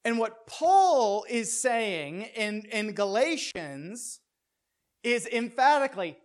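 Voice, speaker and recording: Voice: medium pitch, big pitch swings, takes it slowly. A preacher giving a conversational sermon who keeps asking the listeners "right?" and restarts phrases to press a point. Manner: keeps checking in with "right?" and rhetorical questions; pace and loudness rise and fall for emphasis.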